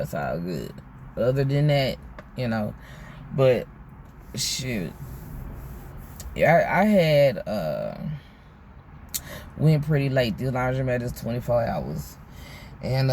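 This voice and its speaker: A man's voice: medium pitch, a little mellow, a little hiss or hum. Rambling, slangy man telling a story. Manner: rambling, slangy, frequent "you know what I'm saying"; profane, candid. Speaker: vlogger. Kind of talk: casual storytime monologue.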